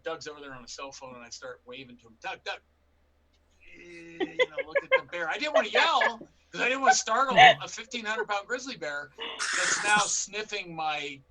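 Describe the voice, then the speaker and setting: A middle-aged man, a bear expert guest on a panel, telling animated stories with acted-out quotes. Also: sits high, low-quality recording. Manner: animated anecdotes with quoted dialogue. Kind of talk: storytelling in a panel interview.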